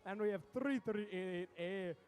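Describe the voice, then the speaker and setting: A man giving lively, quick play-by-play commentary at a robotics competition, with joking asides between matches. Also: high voice, soft background music. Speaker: event commentator.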